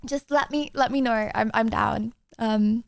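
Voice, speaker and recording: A woman streamer chatting casually with viewers, excitable and rambling, often apologizing. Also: a little high, a little slow, gravelly, a little hiss or hum.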